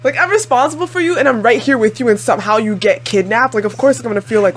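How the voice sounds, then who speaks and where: A woman with a fairly high voice talks fast, barely pausing, as she reacts to anime in a casual video. She's chatty and expressive, says "like" constantly, laughs a lot, and exclaims at the screen.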